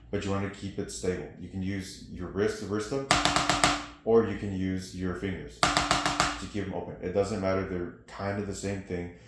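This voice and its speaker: A man's voice: low-pitched, steady tone, moderate pace. A man giving a snare drum lesson, explaining technique and counting out rhythms between demonstrations. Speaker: percussion teacher. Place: practice studio with drums. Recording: echoey room with loud noise.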